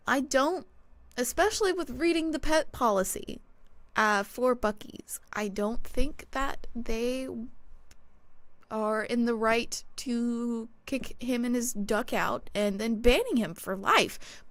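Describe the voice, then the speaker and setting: A woman's voice: on the high side, a bit bright, no room sound. A woman co-hosting a podcast, easygoing and laughing often, chatting casually. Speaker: podcast co-host.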